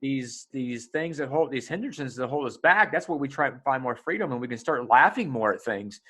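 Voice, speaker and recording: A man's voice: medium pitch, expressive, moderate pace, a bit bright, husky. A middle-aged man hosting a casual podcast conversation, telling stories animatedly and acting out dialogue in raised voices, swearing freely. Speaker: podcast host.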